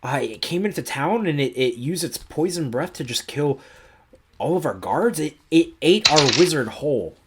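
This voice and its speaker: A man voicing a shaken male villager from a farming town in a tabletop game, telling his story in a halting, nervous way. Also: fairly high pitch, animated, fairly bright tone, a little hiss or hum.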